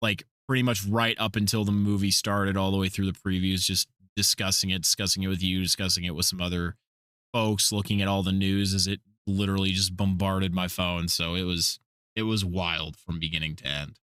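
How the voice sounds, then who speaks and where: A man's voice: deep voice, level tone, a little fast, fairly bright tone, clean tone, no room sound, studio quality. A man hosting a casual podcast, telling rambling stories and swearing freely. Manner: profane, rambling storyteller. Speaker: podcast host.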